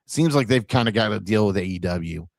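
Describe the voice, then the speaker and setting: A man from Ohio hosting a podcast, telling stories in a loose, animated way and acting out the dialogue, with casual swearing. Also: on the low side, a little fast, vocal fry, no echo, studio quality. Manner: animated storyteller who acts out dialogue and swears freely. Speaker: podcast host.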